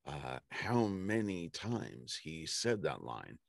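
A middle-aged man, an audiobook narrator, telling stories in a casual interview with many pauses and fillers. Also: very deep voice, very animated, gravelly, dry recording, studio quality. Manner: unhurried storytelling with many fillers and restarts. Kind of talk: casual anecdotal conversation.

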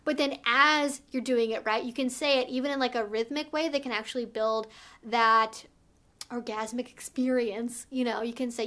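A woman's voice: on the high side, steady tone, moderate pace, bright, forceful tone. A woman giving frank, casual advice as a vlogger, emphatic and direct, peppering her talk with "like" and "right?". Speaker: sex educator vlogger.

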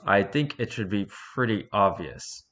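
A man's voice: on the low side, expressive, unhurried, fairly bright tone. A man voicing a whiny, grumpy male devil who rules hell, talking in an irritable, put-upon way. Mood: annoyed.

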